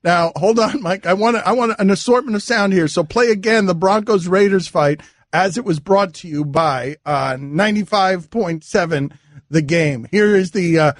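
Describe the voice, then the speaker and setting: A man's voice: sits high, normal speed, no echo, clean studio sound. A man hosting a sports radio show, chatting casually, laughing often and calling for sound clips.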